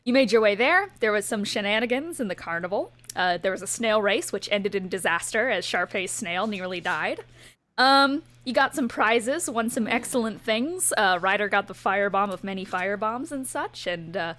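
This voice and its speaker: A woman's voice: mid-range voice, moderate pace, fairly bright tone. A woman from Canada narrating a tabletop game as game master, chatty and laughing between lines.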